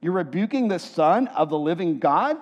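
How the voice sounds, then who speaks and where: A man preaching a sermon in a church hall, lively, asking his listeners questions and acting out quotes. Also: on the high side, normal speed, highs cut off. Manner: lively, asks the room questions and acts out quotes. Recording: long hall reverb.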